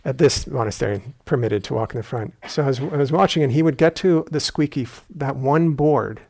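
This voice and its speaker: A male meditation teacher giving a dharma talk in a retreat hall, reflective and unhurried with gentle humor. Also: mid-range voice, gravelly.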